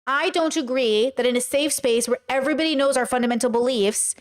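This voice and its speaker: A woman hosting a podcast, talking casually and reacting to a video and her live chat, animated and often slipping into mocking voices. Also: sits high, fairly quick.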